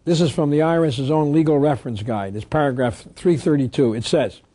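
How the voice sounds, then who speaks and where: A man's voice: fairly high pitch, a little fast, mellow, no echo. A man giving an instructional talk, emphatic, asking rhetorical questions and answering them himself. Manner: reads statutes aloud. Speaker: tax protest lecturer.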